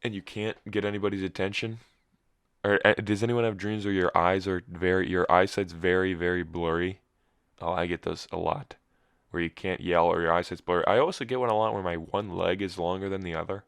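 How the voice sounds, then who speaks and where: A man's voice: deep voice, flat delivery, fairly quick, gravelly, clean tone, no echo, studio quality. A young man hosting a solo podcast, groggy and just woken up with a cracking voice, telling a rambling story with wry asides. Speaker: podcast host.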